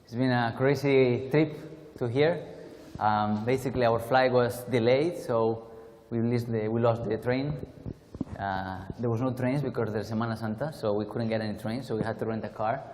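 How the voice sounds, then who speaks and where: A man's voice: medium pitch, normal speed, darkish tone, big-room sound, a little hiss or hum. A man from Spain with a Spanish accent, giving a chatty, self-deprecating keynote talk at a conference with many restarts. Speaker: conference speaker. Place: conference hall.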